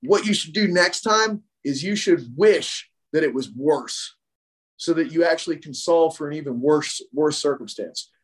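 A man with a slightly high-pitched voice, speaking as a coach on a podcast. His delivery is casual and blunt, heavy on "like" and built on repeated phrases that stack up for emphasis. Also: normal speed. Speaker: strength coach and podcast guest. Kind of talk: casual conversational explanation.

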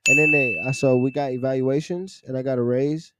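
A young man casually telling a story from his retail job, animated and profane, often laughing and acting out the people he quotes. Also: mid-range voice, a little fast, very noisy. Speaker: podcast host telling a story.

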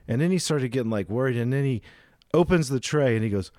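A man's voice: mid-range voice, a little fast, darkish tone, dry recording, clean studio sound. A man co-hosting a casual chat, telling a long anecdote and voicing the people in it. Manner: rambling anecdotes with acted-out quotes.

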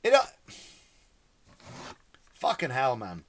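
A man's voice: medium pitch, wildly swooping pitch, slow pace, a little hiss or hum. A man, a stand-up comedian, delivering a profane, exasperated comedy rant. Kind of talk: ranting comedy monologue.

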